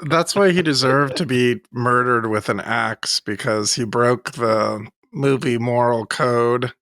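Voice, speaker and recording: A man's voice: mid-range voice, slow, a bit bright, no room sound, clean studio sound. Hesitant male podcast co-host. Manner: hesitant, many fillers. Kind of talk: casual chat.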